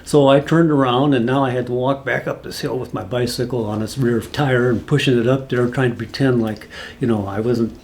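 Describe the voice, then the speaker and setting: Gravelly-voiced man telling a folksy story. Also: mid-range voice, fairly even intonation, a little fast, a little mellow, slight background noise. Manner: rambling, folksy storytelling with asides. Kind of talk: casual spoken anecdote.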